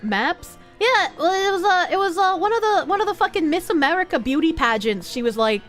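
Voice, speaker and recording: A woman's voice: very high-pitched, fairly quick, few pauses, soft background music. A young woman streaming a game, chatting casually and swearing as she jokes with her chat. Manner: animated, swearing, joking with chat, frequent laughs.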